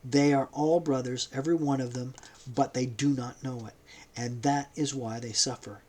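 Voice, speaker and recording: Jesus, read by a man, calm and sad. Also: mid-range voice, moderate pace, lightly acted. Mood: reflective. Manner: tranquil and sad, earnest. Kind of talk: audiobook character reading.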